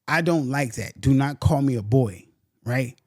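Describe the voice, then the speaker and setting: A man's voice: medium pitch, a little slow, dry recording, clean studio sound. A young man from San Antonio, telling a story on a podcast in a casual, heated, slangy way, with "bro" again and again. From San Antonio, Texas. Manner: animated, heated, slangy, says "bro" a lot. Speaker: podcast host.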